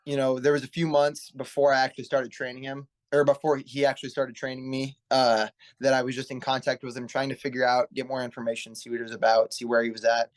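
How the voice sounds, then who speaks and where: A young man in his twenties talks as a guest on an interview show, earnest and rambling, restarting sentences as he goes. His voice sits at an ordinary pitch for a man. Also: little pitch movement, fast talker, few pauses. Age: 20s. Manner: earnest, rambling, self-correcting. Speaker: guest, pro wrestler. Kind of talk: casual interview storytelling.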